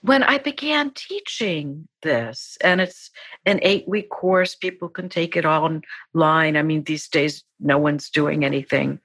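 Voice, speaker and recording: A woman's voice: sits low, takes it slowly, husky, no room sound. A middle-aged woman, a psychologist and author, talking earnestly as a podcast guest. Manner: warm, earnest, acts out quoted voices. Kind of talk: podcast interview.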